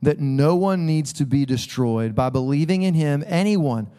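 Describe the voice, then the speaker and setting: A man preaching a sermon as a pastor, conversational and animated, acting out voices as he tells stories. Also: a little high, moderate pace, clean tone. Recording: long hall reverb.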